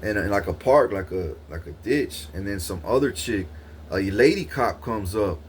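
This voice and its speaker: A man's voice: fairly low pitch, lively intonation, normal speed, a little hiss or hum. A young man, talking casually and rambling through a story with profane street slang and many restarts. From Corpus Christi, Texas. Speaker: vlogger. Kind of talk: casual monologue recounting a dream.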